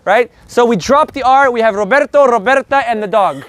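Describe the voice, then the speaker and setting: A man's voice: very high voice, fairly quick, a bit bright, no echo. A man teaching a casual live Spanish group lesson, brash and joking, swearing casually as he explains.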